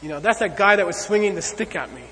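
High-voiced lecturing man, animated. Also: fast. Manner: animated, conversational, with frequent "okay?" and "you know". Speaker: Buddhist teacher. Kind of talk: teaching lecture. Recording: long hall reverb.

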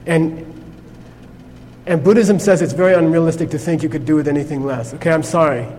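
A man with a somewhat high voice teaches a class in a loose, conversational way, often pausing to check in with his listeners. The room has long reverb and a faint hum of ambience behind him. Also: a little mellow. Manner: conversational, peppered with "okay?" checks. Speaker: Buddhist teacher. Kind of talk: informal class lecture.

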